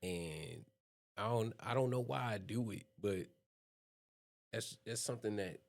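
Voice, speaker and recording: A young man co-hosting a podcast, talking earnestly and thoughtfully in a relaxed chat. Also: lowish voice, a little slow, creaky. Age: young adult. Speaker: podcast co-host. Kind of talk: casual conversation.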